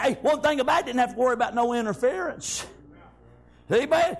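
A man preaching a fervent sermon, breaking into shouts and punctuating lines with amens. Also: very high-pitched, lively intonation, brisk.

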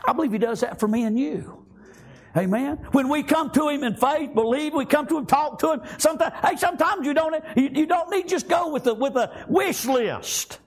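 A man's voice: very high-pitched, lively intonation, moderate pace. A man preaching a sermon, fervent and full of repeated amens and praise Gods. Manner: fervent, repeats amen and praise God often.

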